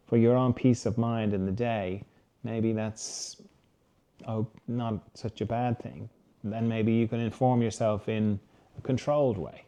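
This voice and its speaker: A man hosting a reflective solo talk, speaking gently and conversationally and sometimes acting out the inner voices of his listeners. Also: medium pitch. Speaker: host.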